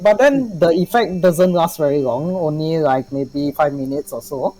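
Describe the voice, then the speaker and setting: A woman narrating a tabletop game as game master, describing scenes in a halting way with frequent restarts. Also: low voice, mellow, low-quality recording.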